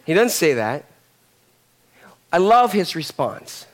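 A man's voice: sits high, animated, normal speed, fairly bright tone. A man preaching a sermon, telling a story animatedly and acting out the characters. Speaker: pastor.

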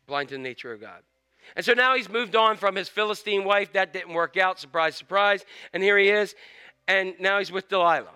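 Bright, high-voiced man preaching. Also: a little fast, clean tone. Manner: animated storytelling, acts out scenes. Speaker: pastor. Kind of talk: sermon.

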